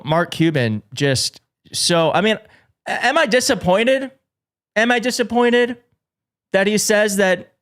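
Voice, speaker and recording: A man hosting a live political commentary show, excitable and jokey, often restarting his sentences. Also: on the high side, clean tone. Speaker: show host. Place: studio in a big city.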